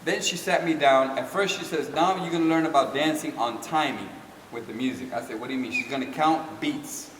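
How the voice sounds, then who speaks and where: An older man recounts his story with lively, laughing energy, slipping into the voices of the people he quotes. He sounds distant from the mic, his voice ringing through a large hall. A steady wash of background noise sits beneath the talk. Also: medium pitch, a little fast. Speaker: dance teacher telling a story. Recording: echoey hall from far off with noise.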